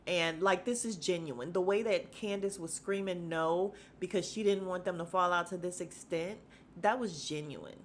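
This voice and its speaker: Woman podcaster gossiping about a reality show, loud laughs, slangy, faint noise in the back. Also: fairly low pitch, moderate pace. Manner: animated, laughing, slangy storytelling. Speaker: podcast host. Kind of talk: casual reality TV recap.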